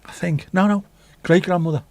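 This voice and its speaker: This English livestream host has a high, darkish voice and speaks fairly quickly on a dry recording. He reads out viewer comments and chats casually, rambling, joking on the side, and swearing freely.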